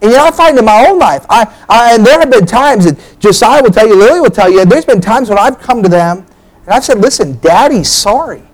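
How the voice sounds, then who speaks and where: A man's voice: high-pitched, animated, fairly quick, poor audio. A pastor, a man, preaching a sermon with emphatic bursts, frequent restarts and direct appeals to the congregation.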